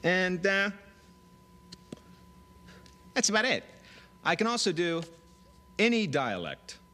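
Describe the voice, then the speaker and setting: A man auditioning as a comedian, talking plainly between bursts of character voices. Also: high voice. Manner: animated, rapid switches between voices and his plain delivery.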